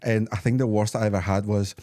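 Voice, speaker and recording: A Spanish-born man whose English carries a Scottish accent with a faint Spanish twang, telling stories in a lively casual chat. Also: lowish voice, a little fast. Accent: Scottish English with slight Spanish twang. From Spain. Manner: animated storyteller who acts out other voices. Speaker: guest.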